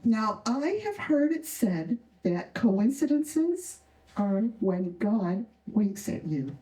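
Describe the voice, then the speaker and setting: A woman in her sixties telling a true story live on a stage, expressive and bouncing animatedly around her pitch range. Her voice is dark and mellow. The sound comes from a distant mic and echoes in a roomy hall. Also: slow. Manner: warm, expressive, acts out the voices of others. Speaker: retired nurse telling a personal story. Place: stage at a community arts event.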